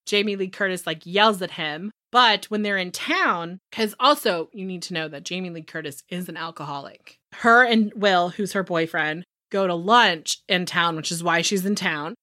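A young adult woman casually recapping a movie on a podcast, telling it with animated, swearing storytelling and quick voices for the characters. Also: mid-range voice, no room sound, clean studio sound. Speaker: podcast co-host.

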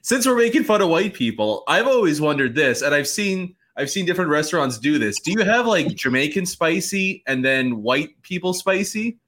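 Bright, lively male interviewer. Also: a little high, moderate pace, few pauses. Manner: laughs often, teasing questions. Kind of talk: casual interview.

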